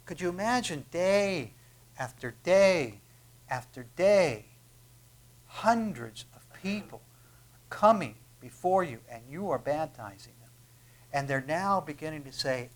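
A man preaching a sermon, emphatic and full of rhetorical questions, dropping to a hush and then building to loud, drawn-out declarations. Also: lively intonation. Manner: emphatic, swings from hushed to booming, rhetorical questions.

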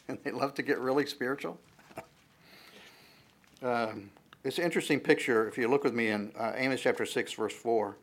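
A man's voice: mid-range voice, moderate pace, pauses often. A man preaching a conversational sermon, joking along the way, with frequent fillers and restarts.

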